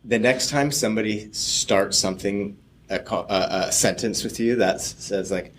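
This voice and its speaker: A man's voice: fairly low pitch, normal speed, fairly bright tone, slight background noise. A man co-hosting a podcast, telling a rambling story with frequent laughs and trailing off. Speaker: podcast co-host. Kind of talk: casual chat, storytelling.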